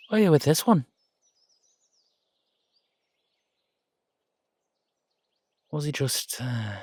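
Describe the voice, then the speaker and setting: A man's voice: medium pitch, darkish tone, no echo, lightly acted. A man voicing a wary older Irish uncle, a retired safecracker, with a sly, teasing drawl. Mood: needling. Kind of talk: audio drama acting.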